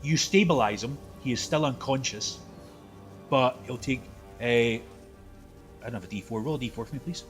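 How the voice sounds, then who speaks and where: Game-master narrator, male, mid pitch, animated with loose asides. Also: normal speed, long pauses, faint music behind. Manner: lively, laughs often, loose asides.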